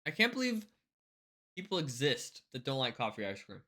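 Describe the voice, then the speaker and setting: A woman livestreamer chatting casually with her viewers, reading their comments aloud and swinging between hyped outbursts and quiet mumbling. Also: a bass voice, big pitch swings, normal speed. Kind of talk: casual live-stream chat with viewers.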